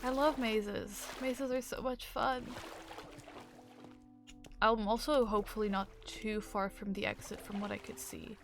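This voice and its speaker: A woman's voice: a little high, steady tone, a little slow, over music. Upbeat woman narrating her gameplay. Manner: chatty, upbeat, rambling asides. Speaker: gaming video host. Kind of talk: casual game commentary.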